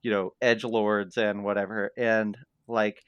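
Wry, animated man on a dry mic. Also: lowish voice, a little slow, clear, resonant tone, no room sound, lo-fi sound. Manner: wry, animated, piles up asides. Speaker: podcast co-host. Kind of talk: casual book discussion.

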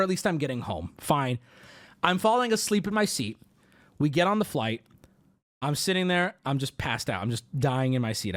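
A man streamer telling a story casually to his audience, animated, profane and exaggerated. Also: medium pitch.

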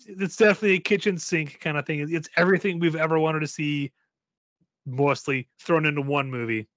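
A man's voice: a little high, a little fast, a bit bright, no room sound. A man co-hosting a casual chat about movies, playful and joking, wrapping up the episode for listeners. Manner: playful, wraps up like a host. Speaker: podcast co-host.

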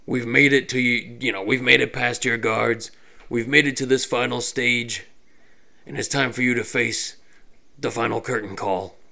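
A gruff, bumbling warrior hero , played by a man calls out in a loud, blustering voice. He is brave and none too clever, a classic tabletop game adventurer. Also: medium pitch, fairly even intonation, normal speed. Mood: defiant.

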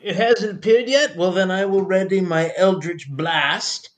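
A man's voice: sits high, a little slow. A man playing in a tabletop game, laid-back and eager to act. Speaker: player. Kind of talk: casual tabletop game play.

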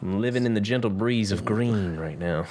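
A man's voice: fairly low pitch, moderate pace, a little mellow, a little hiss or hum. A man hosting a podcast in casual chat, playful and joking. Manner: playful, joking, laughs a lot. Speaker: podcast host.

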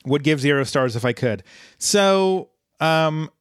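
A man co-hosting a casual podcast, recapping a TV episode in a chatty, halting way with many restarts. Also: on the high side, expressive, smooth, no room sound, clean studio sound. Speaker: podcast co-host.

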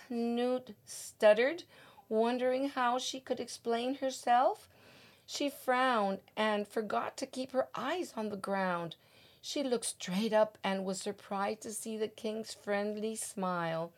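Older woman from Mexico, guest storybook reader; gentle, very slow read-aloud. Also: mid-range voice. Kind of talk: reading a picture book aloud.

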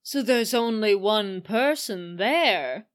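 A woman co-hosting a podcast, excitedly recapping a film in casual chat, laughing often. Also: mid-range voice, slow pace. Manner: excitable, laughing, animated retelling. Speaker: podcast co-host.

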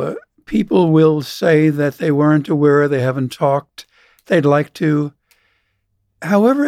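A man hosting an interview, asking a long question in measured, formal phrasing. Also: fairly high pitch, a little mellow, no echo. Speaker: interview host.

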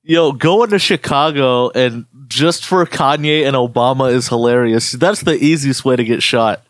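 A young man co-hosting a podcast, ranting and joking in animated, slangy casual chat. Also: medium pitch, normal speed, no room sound. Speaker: podcast co-host.

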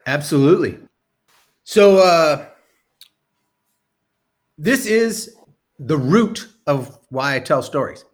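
Man, storytelling, rambling with ums, casual swearing, slightly high pitch. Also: expressive, takes it slowly, long pauses. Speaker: storyteller guest.

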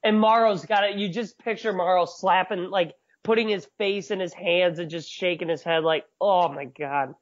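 A man's voice: sits high, fairly even intonation, normal speed, few pauses. A man co-hosting a wrestling review podcast, chatting casually and joking about the commentators. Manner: jokey, mocks commentators in silly voices. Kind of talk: casual chat. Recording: dull lo-fi audio.

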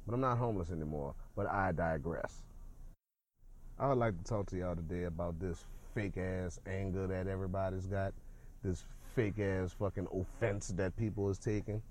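A man delivering a loud, profane, worked-up comedic rant on a podcast. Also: low voice, slight background noise. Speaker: podcast ranter.

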